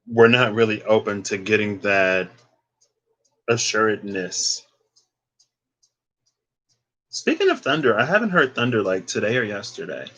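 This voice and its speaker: A man's voice: lowish voice, fairly bright tone. A young man reading tarot casually for a vlog, rambling and digressing with plenty of fillers. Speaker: tarot reader.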